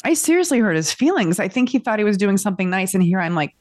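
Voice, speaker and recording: A woman's voice: mid-range voice, sing-song, fast, no room sound. A woman co-hosting a casual book club podcast, telling candid personal stories. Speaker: podcast co-host.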